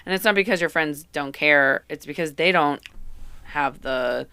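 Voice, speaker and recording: A woman's voice: low-pitched, normal speed, sharp tone, clean tone, dry recording. A woman hosting a podcast, listening attentively and asking open questions in a casual interview. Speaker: podcast host.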